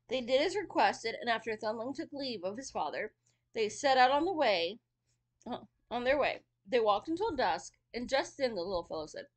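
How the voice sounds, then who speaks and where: A woman's voice: fairly high pitch, lively intonation, normal speed. A woman casually reading a fairy tale aloud, with chatty asides. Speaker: storyteller.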